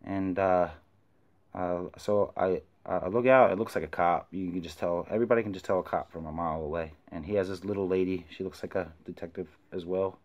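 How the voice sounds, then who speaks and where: A man casually telling a story to camera, with loose, filler-heavy slang, who gets louder and higher when he quotes himself. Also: a little fast, lo-fi sound. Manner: animated, rises when quoting himself. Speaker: vlogger recounting an encounter.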